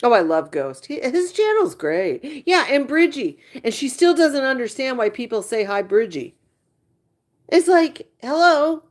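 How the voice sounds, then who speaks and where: A woman's voice: a little high, sing-song, normal speed, few pauses. A woman hosting a live stream, gossiping casually with her viewers. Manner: chatty, gossiping, exasperated asides. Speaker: livestream host chatting with viewers.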